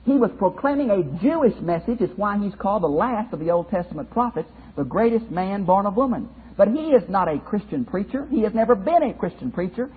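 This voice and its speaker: A man's voice: high-pitched, animated, fairly quick, few pauses, husky. A man teaching as a pastor in a Bible study lecture, emphatic, repeating phrases and speaking straight to his listeners. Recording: phone-like narrow band audio.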